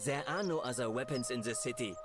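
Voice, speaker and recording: A man's voice: mid-range voice, a little fast, lightly acted. An actor playing a weary, exasperated craftsman in a video game, answering curtly. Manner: curt, exasperated. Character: weary adult male bowmaker, fed up. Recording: game audio with music behind.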